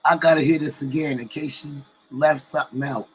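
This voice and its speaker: A man's voice: on the high side, fairly even intonation, brisk, breathy edge, rough recording. A man co-hosting a casual live stream. He chats loosely with viewers and greets them by name. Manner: chatty, greets viewers, colloquial.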